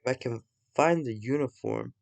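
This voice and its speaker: A man's voice: mid-range voice, normal speed, creaky, darkish tone. A young man improvising a fan story, rambling, swearing, and correcting himself often.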